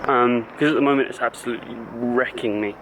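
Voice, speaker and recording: A man's voice: mid-range voice, steady tone, quick pace, background noise. A man who coaches fitness, talking casually to the camera in a vlog and explaining things in loose, stop-start phrases.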